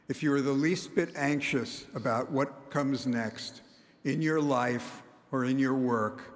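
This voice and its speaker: Older man giving a wry speech. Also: medium pitch. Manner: measured, wry, quoting others. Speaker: commencement speaker. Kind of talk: prepared commencement speech. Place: large concert hall. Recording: long reverb of a large hall.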